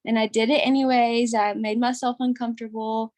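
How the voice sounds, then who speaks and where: A woman's voice: on the high side, flat delivery, a little fast, darkish tone, no room sound. A young woman telling an emotional, rambling testimonial on a group call, close to tears. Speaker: caller sharing a testimonial.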